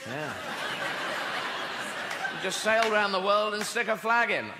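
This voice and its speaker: A man's voice: sits high, measured pace. A man performing a rambling stand-up comedy routine, acting out little voices as he goes. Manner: rambling, animated, acts out quoted voices. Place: large theatre stage. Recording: live hall with audience noise.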